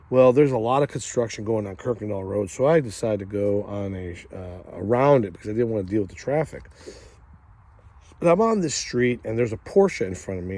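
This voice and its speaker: A middle-aged man hosts and tells a funny story in a casual way. He chuckles as he goes and acts out the other people with big jumps in pitch. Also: darkish tone. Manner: chuckles through the telling. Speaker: host.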